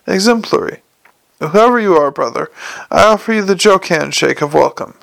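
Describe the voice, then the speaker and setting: A man's voice: high-pitched, lively intonation, normal speed, vocal fry, a bit bright, dry recording, heavily acted. A man voicing a pompous, ceremonious male head clown in an audiobook. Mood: effusive. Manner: effusive, ceremonious.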